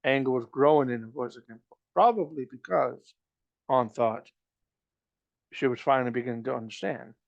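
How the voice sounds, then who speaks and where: A man reading a novel aloud, halting and restarting as he goes. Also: mid-range voice, steady tone, vocal fry, no echo, dull audio. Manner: halting, with frequent restarts and slips. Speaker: reader.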